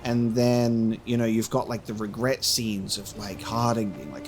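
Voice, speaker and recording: A man's voice: on the low side, normal speed, few pauses, over music. A man giving casual, rambling commentary while playing a video game, musing aloud with plenty of fillers. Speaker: gameplay commentator. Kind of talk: casual let's play commentary.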